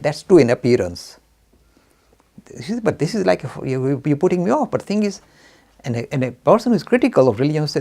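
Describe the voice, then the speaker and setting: Animated, gravelly-voiced male lecturer. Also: a little high, a little fast. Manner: asks rhetorical questions and acts out both sides of a dialogue. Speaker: lecturer on religion. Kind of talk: lively lecture.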